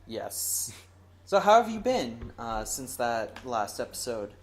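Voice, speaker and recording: A young adult man hosting a podcast in casual chat, rambling and self-mocking, with lively bursts of energy. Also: medium pitch, takes it slowly, slight background noise. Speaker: podcast host.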